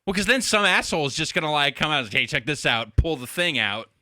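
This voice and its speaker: A man in casual chat who talks bluntly, jokes and swears freely. His voice is bright and forceful, recorded close and dry. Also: on the high side, big pitch swings, quick pace, no room sound. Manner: blunt, profane, joking. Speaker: podcast co-host.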